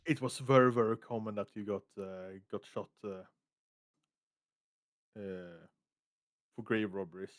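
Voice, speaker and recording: A man's voice: lowish voice, steady tone, measured pace, long pauses, dry recording, studio quality. A man as a guest in a casual podcast chat, hesitant and searching for words. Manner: hesitant, many fillers and restarts.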